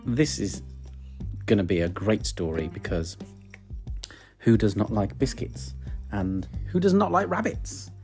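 A dad reads a bedtime picture book aloud, playful and encouraging, with a lively voice. Faint music plays behind him at home. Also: male voice, lowish voice, measured pace, pauses often. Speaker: dad reading stories with his daughter.

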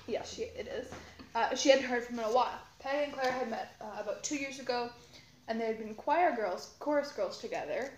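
A high-voiced teenage girl rambles through a story for a podcast, giggling and breaking off into asides. The room around her rings with echo. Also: brisk, a little hiss or hum. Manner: giggly, rambling, self-interrupting. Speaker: podcast co-host. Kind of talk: casual chat, storytelling. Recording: roomy echo.

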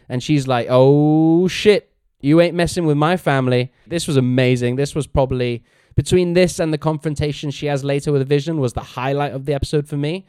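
A man with a slightly high, slightly mellow, clean voice co-hosts a casual podcast, recorded dry with clean studio sound. He recaps a TV episode, animatedly acting out the characters' lines.

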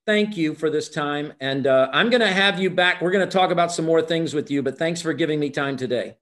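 A man's voice: fairly high pitch, a little fast, a bit bright. A man hosting an interview, speaking in an enthusiastic and affirming way. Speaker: host.

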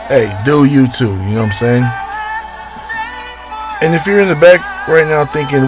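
A man's voice: mid-range voice, animated, normal speed, pauses often, music in the background. A man hosting a casual solo podcast, rambling and swearing as he talks straight to his listeners. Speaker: podcast host.

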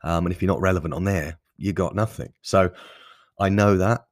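A man's voice: deep voice, steady tone, normal speed, no room sound, clean studio sound. A man hosting his own podcast, talking off the cuff in a rambling, self-deprecating way with casual swearing. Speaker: podcast host. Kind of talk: casual solo podcast monologue.

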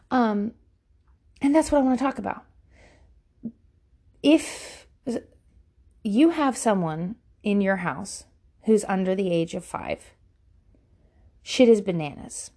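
A woman's voice: mid-range voice, dark tone. A woman in her thirties hosting a podcast, ranting casually with lots of swearing and sarcasm. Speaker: podcast host. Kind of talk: casual monologue.

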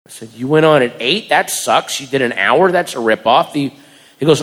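A man doing stand-up, telling a story in an animated way, acting out voices and shouting punchlines. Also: mid-range voice, normal speed. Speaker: stand-up comedian. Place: comedy venue before a live audience. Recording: live room with long reverb and crowd. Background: audience laughter and crowd noise.

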